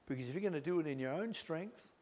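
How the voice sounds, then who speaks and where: A middle-aged male preacher giving a sermon, swinging from loud emphatic lines to hushed whispered words. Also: on the high side, expressive, quick pace.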